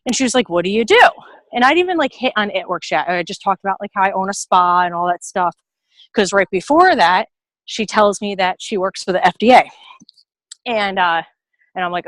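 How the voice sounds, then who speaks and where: Woman, out of breath, rapid storyteller, acts out quotes, video call, dry sound. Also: mid-range voice, no room sound, low-quality recording. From New York area. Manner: fast animated storyteller acting out quotes. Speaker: team member sharing a story. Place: outdoors in a garden.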